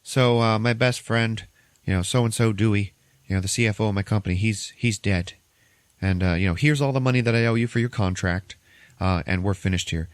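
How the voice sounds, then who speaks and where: A man voicing a distraught male company boss who lectures in an insistent, emphatic way, somewhat raised in pitch. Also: fairly quick, no room sound, close to an everyday voice. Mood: upset.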